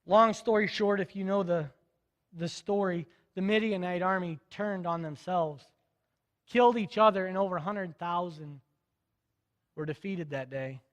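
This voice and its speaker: Male pastor, high voice, lively storytelling sermon, long echo of a big hall. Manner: storytelling, voicing biblical characters in casual modern speech.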